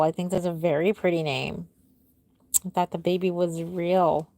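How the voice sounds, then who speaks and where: A woman's voice: lowish voice, fairly even intonation, moderate pace, warm tone, no room sound. A woman in her forties hosting a casual livestream as a doll artist, chatting and answering viewer comments. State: tired, yawning.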